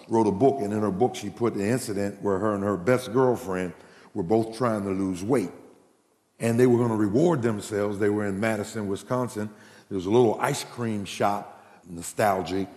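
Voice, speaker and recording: A male preacher delivering a humorous, folksy sermon, telling stories and acting out the people in them. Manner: folksy, animated, jumps into high voices for quoted characters. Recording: echoey hall.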